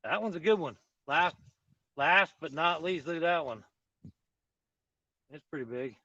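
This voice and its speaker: A garden channel host gives a laid-back live-stream tour outdoors, rambling along in a friendly, plain way as he films on a phone or camera set on a tripod, later carried by hand as he walks. His voice is a bit high, animated and unhurried, pushed and bright. The recording is muffled with no echo.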